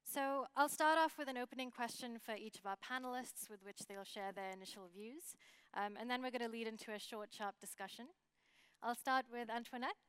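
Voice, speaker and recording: Crisp-voiced woman moderating a panel. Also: fairly high pitch, fairly bright tone, dry recording. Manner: brisk, organized framing of questions.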